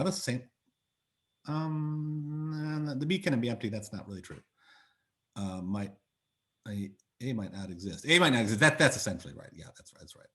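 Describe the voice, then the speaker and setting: A man's voice: lowish voice, a bit bright. A man giving a university lecture over a video call, chatty and thinking aloud with many fillers and restarts. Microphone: computer mic on video call.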